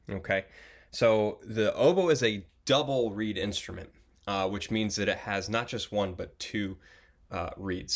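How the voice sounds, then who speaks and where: A young man with a fairly low voice walks beginners through an oboe lesson. He is patient and encouraging and talks plainly, often pausing with fillers and restarting his phrases. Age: young adult. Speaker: oboe teacher. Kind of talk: instructional video lesson.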